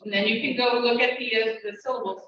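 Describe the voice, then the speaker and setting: A woman's voice: a little high, lo-fi sound, a little hiss or hum. Echoey teacher woman, distant mic. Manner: step-by-step explaining, encouraging; talks fast when excited. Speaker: language teacher. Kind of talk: classroom instruction. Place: classroom.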